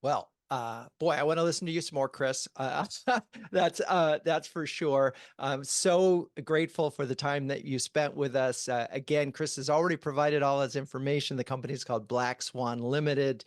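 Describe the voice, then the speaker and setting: A man's voice: mid-range voice, moderate pace, no echo. A male podcast host thanking his guest at the close of an interview, effusive and full of filler words.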